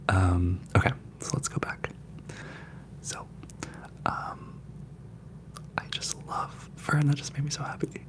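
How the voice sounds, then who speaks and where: Whispering gravelly-voiced man, ASMR chat. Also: mid-range voice, a little hiss or hum. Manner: soft, mostly whispered, rambling with many fillers. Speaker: ASMR channel host.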